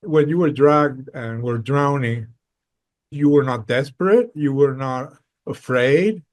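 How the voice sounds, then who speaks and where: Slow-speaking male interviewer asking probing questions. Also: medium pitch. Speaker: podcast host and interviewer.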